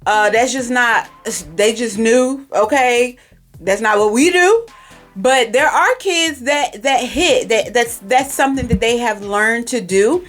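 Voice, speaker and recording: A woman's voice: on the high side, unhurried, fairly bright tone, soft background music. Emphatic woman giving parenting tips. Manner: direct, emphatic, repeats herself for stress. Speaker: podcast host. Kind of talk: casual parenting advice monologue. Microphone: recorded for podcast and video, facing camera.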